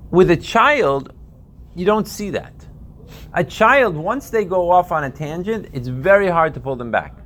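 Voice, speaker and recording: A man's voice: high-pitched, animated, unhurried, a bit bright. A man teaching a text-based class in a conversational way, often checking in with his listeners and trailing into asides. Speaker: Torah teacher. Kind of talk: casual explanatory class.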